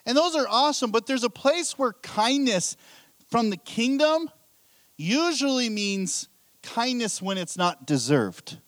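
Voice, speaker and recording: A man's voice: very high voice, big pitch swings, a little slow, fairly bright tone, no echo. A middle-aged man preaching a sermon as pastor, telling candid, self-deprecating stories with a laugh.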